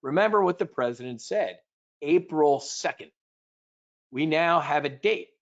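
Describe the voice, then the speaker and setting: Energetic man teaching options trading. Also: unhurried, muffled recording. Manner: energetic and punchy, acting out panicked traders in shrill bursts. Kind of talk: live trading webinar.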